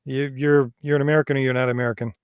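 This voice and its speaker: A man co-hosting a casual livestream chat, speaking earnestly and filling pauses with hesitations. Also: medium pitch, little pitch movement, smooth, dry recording, studio quality. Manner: earnest, fills pauses with um and quite honestly. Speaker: co-host and author.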